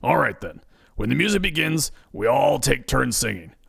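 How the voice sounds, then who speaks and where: A man's voice: medium pitch, big pitch swings, normal speed, creaky, a bit bright, slightly rough, full character voice. A man voicing a schmaltzy male 1970s game show host in a comedic audio story, crooning in a showbiz presenter voice.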